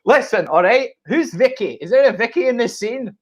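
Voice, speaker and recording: A man's voice: extremely high pitch, expressive, moderate pace. A man voicing a foul-mouthed, impatient Scottish tour guide in an improv scene. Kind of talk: improv comedy on a video call.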